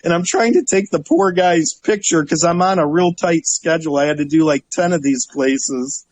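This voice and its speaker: A middle-aged man from Northeast Ohio, a guest telling lively stories in a casual interview and acting out the people in them. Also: fairly high pitch, normal speed, poor audio. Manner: animated storyteller, acts out voices, laughs often. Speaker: guest, travel website owner.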